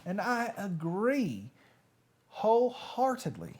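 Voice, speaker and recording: A pushy male storybook fox, read by a woman, coaxes his friend through tongue twisters in a put-on Southern US drawl. The delivery is slow and sing-song, the pitch bounding high and low. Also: huge pitch swings, a little mellow, slight background noise. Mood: coaxing.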